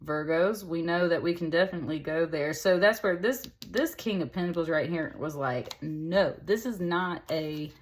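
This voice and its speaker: A woman with a slightly low voice gives a casual tarot reading to camera. She talks in a chatty, upbeat way. She addresses her viewers directly and warmly with little endearments. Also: normal speed, hardly any pauses, a little hiss or hum. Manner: chatty and upbeat, with many fillers and laughs. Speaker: tarot reader.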